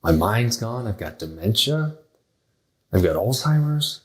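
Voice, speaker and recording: A man's voice: fairly low pitch, big pitch swings, unhurried, rough recording. A man hosting a health podcast, talking bluntly and emphatically, often acting out what others say. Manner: blunt, emphatic, acts out quoted voices. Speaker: podcast host. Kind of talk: motivational health talk.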